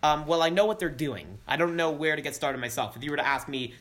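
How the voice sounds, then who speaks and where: A man's voice: on the high side, lively intonation, fast talker, fairly bright tone. A man chatting casually as a regular guest, rambling and hesitant. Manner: hesitant, rambling, lots of fillers. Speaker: regular guest on a camp feature. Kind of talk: casual chat.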